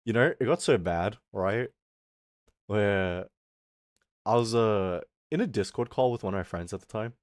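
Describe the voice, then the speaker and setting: A man's voice: fairly low pitch, unhurried, long pauses, no echo, studio quality. A man streaming and chatting with his audience, telling a story in a casual rant. He swears freely and reads out his chat as he goes.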